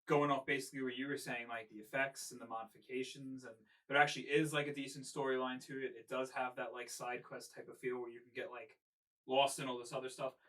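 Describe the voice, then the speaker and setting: A man with a bright, sharp tone talks casually on a podcast, thinking aloud with frequent ums. He sits a little away from the mic, so his voice sounds slightly distant. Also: medium pitch, fast talker. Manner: relaxed, thinking aloud with many ums and likes. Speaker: podcast co-host.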